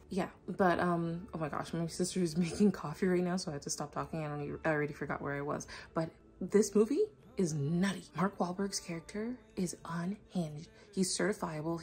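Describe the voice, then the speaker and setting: A woman's voice: on the low side, darkish tone. A woman vlogger chatting to camera at home in a rambling, enthusiastic way. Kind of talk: casual chat to camera. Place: at home indoors.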